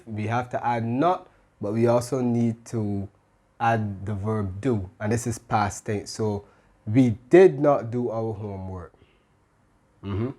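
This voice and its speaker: Slow, mellow-voiced male grammar tutor. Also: mid-range voice. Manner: slow, explanatory, often checks with "right?". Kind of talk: grammar lesson.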